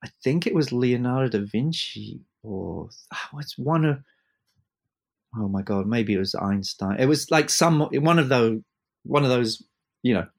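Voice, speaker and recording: A man chatting casually as a musician guest in an interview, starting and restarting sentences as he tells animated stories. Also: medium pitch, creaky. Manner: halting, many restarts, animated storyteller.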